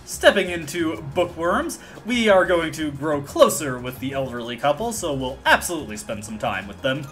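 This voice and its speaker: A man's voice: a little high, sing-song, normal speed, few pauses, fairly bright tone, soft background music. An American man hosting a let's play, casually explaining game mechanics with wry asides. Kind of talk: video game commentary.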